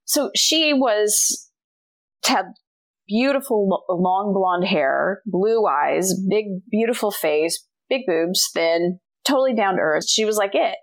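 A woman's voice: medium pitch, takes it slowly. A middle-aged woman, a guest author, telling a personal story in a casual interview and acting out the dialogue. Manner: animated storyteller, acts out quoted dialogue.

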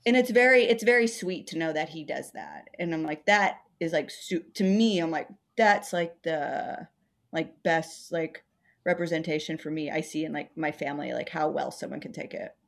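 A woman with a fairly low voice chats casually as a comedian. She rambles through stories, fills them with "like" and slips into little impressions of the people she quotes. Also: moderate pace, vocal fry. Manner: rambling storytelling, acts out quoted voices, many "like" fillers. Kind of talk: casual podcast conversation.

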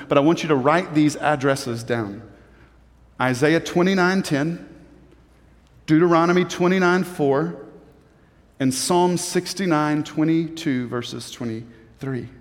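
A high-pitched male pastor delivers a sermon, rising into emphatic stretches and doubling words as he thinks aloud. His voice rings out with a long reverb, as in a large church hall. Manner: preaching with rising emphasis, frequent repeated words.

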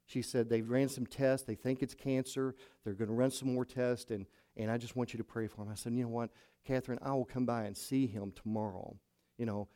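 A man's voice: mid-range voice, fairly even intonation, fairly quick, warm tone. A middle-aged male pastor telling a story from the pulpit, acting out each person's lines as he retells the conversations. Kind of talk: sermon storytelling.

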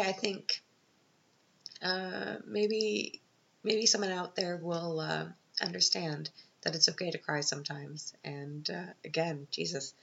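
Speaking slowly with long pauses, a woman with a low, creaky, bright and forceful voice gives a personal monologue on her own podcast in Vienna. She's crying and emotional, unscripted and hesitant with lots of ums, and the lo-fi recording sounds dull.

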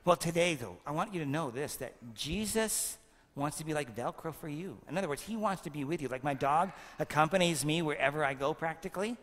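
A man's voice: fairly high pitch, lively intonation, a little fast, fairly bright tone. A priest in his fifties giving a playful homily at a First Communion, quizzing the children with jokes. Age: 50s. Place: church. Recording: long reverb of a church.

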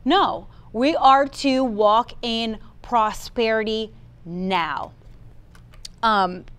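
A woman delivers a sermon in a smooth, resonant voice that sits slightly high. She speaks emphatically, often voicing what believers ought to say. She also calls out to people in the room by name. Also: very slow, a bit bright. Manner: emphatic, quotes the congregation's inner voice; addresses listeners by name. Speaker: preacher.

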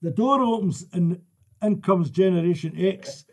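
Husky older Scottish storyteller. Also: male voice, sits high, unhurried. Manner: lively storyteller, laughs through his punchlines. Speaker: guest. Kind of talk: casual anecdotes.

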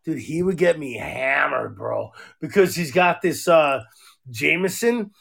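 A man's voice: on the high side, expressive, a little slow, gravelly, a bit bright, slightly rough. A man co-hosting a podcast in casual chat, a rambling, profane storyteller. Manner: profane, rambling storyteller, acts out quoted voices. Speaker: podcast co-host.

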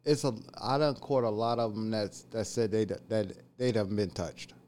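Halting, colloquial male podcast guest. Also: lowish voice, darkish tone. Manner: halting, restarts words, colloquial speech. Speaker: podcast guest, predator catcher. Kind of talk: casual podcast conversation.

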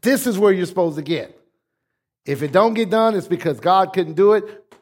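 High-voiced preaching pastor. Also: male voice, lively intonation, moderate pace. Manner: emphatic preaching with call-and-response. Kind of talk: sermon.

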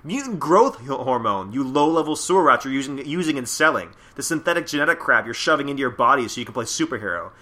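A man's voice: medium pitch, lively intonation, fast talker, hardly any pauses, pushed and bright. A man reading out a pushy, sarcastic male federal agent interrogating a suspect. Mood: scornful.

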